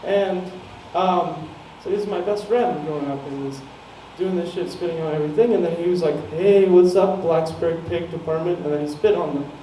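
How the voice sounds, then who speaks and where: A young man tells a rambling, profane stand-up story with a high, light voice, chuckling at his own lines. The sound is distant and roomy, with a low hiss under it in a small comedy venue. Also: a little fast, dark tone. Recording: echoey room, mic heard from far off, some noise.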